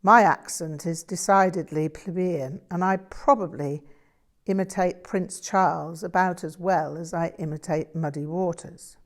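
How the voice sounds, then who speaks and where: A woman's voice: lowish voice, steady tone, a little slow. A woman voicing a modest, reflective young English man who talks about himself in a self-deprecating way.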